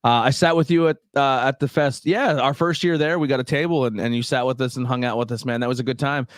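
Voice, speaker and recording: A male podcast host with a middle-pitched voice, recorded dry and close to the mic. He talks casually and with energy, drops curses now and then, and slips into quick impressions when he retells a story. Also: no room sound. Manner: animated storyteller, swears freely, acts out quoted voices.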